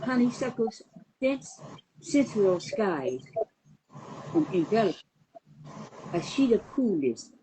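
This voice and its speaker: A woman guest reading her own poem aloud in a slow, measured way. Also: medium pitch, very animated, background noise. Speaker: guest poet. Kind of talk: poetry reading.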